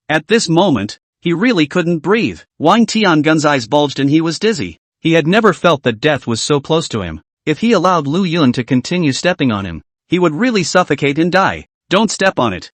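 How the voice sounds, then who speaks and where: Lively man narrating a comic recap. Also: fairly high pitch, a little fast, hardly any pauses, dry recording.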